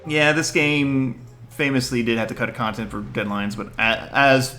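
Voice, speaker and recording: A man's voice: medium pitch, fairly even intonation, normal speed, pushed and bright, faint music behind. A man livestreaming a video game, joking and sarcastic as he reads the dialogue. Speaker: streamer.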